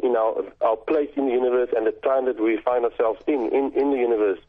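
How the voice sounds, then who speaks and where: A man's voice: medium pitch, fairly even intonation, fast. A man phones in to a radio show with a question, stumbling over his words and repeating himself. The sound comes through a thin, phone-like line. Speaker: caller. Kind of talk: asking a question on a radio call-in.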